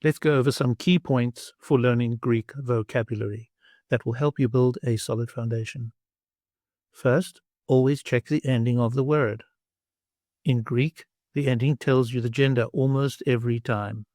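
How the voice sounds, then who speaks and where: A man reads a scripted language lesson in a slow, clear, instructive way. His voice sits at an ordinary middle pitch. The recording is a dry, close voice-over with no room sound. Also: fairly even intonation, darkish tone, dry recording. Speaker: language teacher.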